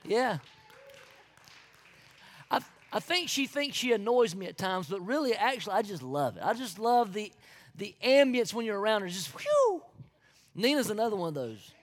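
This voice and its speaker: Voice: mid-range voice, sing-song, moderate pace, pauses often, long reverb tail. A pastor with a Southern US accent preaching a sermon with folksy asides and sudden whoops of joy.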